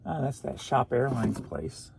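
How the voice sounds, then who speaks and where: A man's voice: mid-range voice, big pitch swings, measured pace, gravelly, darkish tone, breathy edge. A man who resells online, chatting through his recent sales in a goofy, rambling way with jokey asides. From St. Louis area, USA. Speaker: eBay reseller. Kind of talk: casual rambling sales recap.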